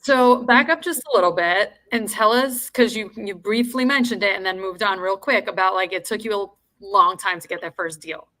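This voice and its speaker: A woman's voice: medium pitch, normal speed, few pauses, pushed and bright. A woman hosting a podcast who asks loose follow-up questions in a casual way. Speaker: podcast host. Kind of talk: casual interview.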